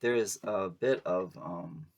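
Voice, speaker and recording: A man's voice: low voice, takes it slowly, creaky. A man giving a casual tarot reading to camera, chatty and playful, laughing often and making sassy asides. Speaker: tarot reader.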